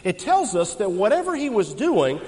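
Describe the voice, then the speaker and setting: A man's voice: high voice, huge pitch swings, normal speed, darkish tone, long reverb tail, rough recording. A man preaching an expository sermon to a congregation. He is emphatic, often quizzing them with questions.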